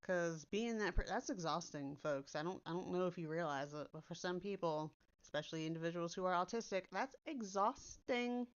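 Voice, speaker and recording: A woman's voice: lowish voice, moderate pace, hardly any pauses, clear, resonant tone. Blunt, swearing woman on a dull mic. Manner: blunt, direct, swears casually. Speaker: content creator. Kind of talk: casual chat. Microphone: built-in computer mic instead of her usual microphone. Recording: dull lo-fi sound from a computer's built-in mic.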